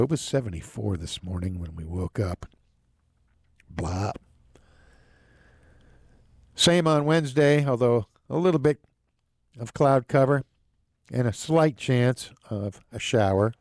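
A man delivers local news, sponsor reads and the weather in a casual, lively host manner, tossing in wry, jokey asides. His voice sits at an ordinary middle pitch, recorded close and dry with no room sound. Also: no room sound.

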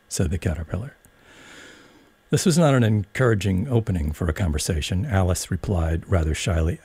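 A man narrating a storybook in a measured, expressive way. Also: deep voice, slightly rough, no echo. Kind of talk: storybook reading.

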